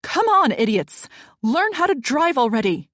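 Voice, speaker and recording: A woman voicing a brash, foul-mouthed young woman, loud and blunt. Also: a little high, expressive, normal speed, slightly rough, no echo, studio quality, pitched above the performer's own voice. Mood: furious.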